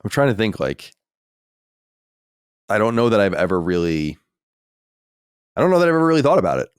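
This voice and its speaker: A man's voice: lowish voice, very animated, a little fast, clean tone, dry recording, studio quality. An American man co-hosting a podcast, reading listener mail and musing in casual chat with lots of fillers. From United States. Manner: reads listener mail, then muses with many fillers. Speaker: podcast co-host.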